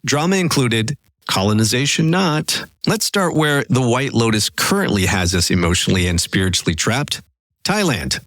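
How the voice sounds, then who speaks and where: A man hosting a travel podcast in a playful, animated scripted style. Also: mid-range voice, moderate pace, no echo, clean studio sound. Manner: playful, animated, pop-culture banter. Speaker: podcast host. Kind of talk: upbeat scripted podcast talk.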